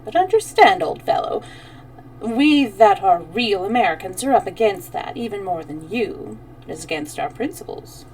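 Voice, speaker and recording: A woman's voice: medium pitch, very animated, moderate pace, darkish tone, recorded from a distance, poor audio. A woman voicing a cheerful, talkative young American man. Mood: breezy. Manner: cheerful, chatty.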